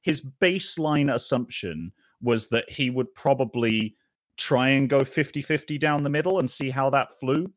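A man with an English accent hosting a tabletop role-playing game, animated and jokey, laughing often. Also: mid-range voice, moderate pace, no room sound, clean studio sound. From England. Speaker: podcast host and player. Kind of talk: improvised tabletop role-play with chat.

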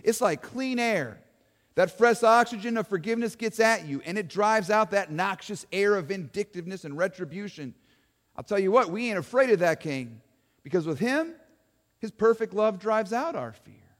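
Give me a man playing an earnest, folksy servant of a king, fairly high-voiced, with a long hall echo. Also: lively intonation, moderate pace, fairly bright tone.

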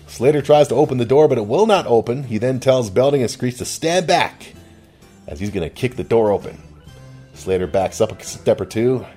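A man's voice: medium pitch, animated, normal speed, warm tone, husky, faint music behind. A man narrating a TV episode recap casually with chuckling, offhand asides.

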